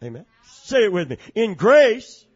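A preacher giving a sermon, swinging from shouted, chanting climaxes down to low, quiet storytelling. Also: male voice, big pitch swings, unhurried, highs cut off. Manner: rising to shouted, chanting peaks, then dropping low and soft.

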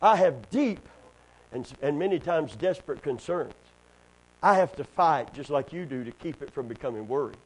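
A middle-aged preacher man with a high voice delivers a sermon. He surges into loud, soaring lines, then drops into low, quiet asides to the congregation. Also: animated, normal speed, poor audio. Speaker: pastor.

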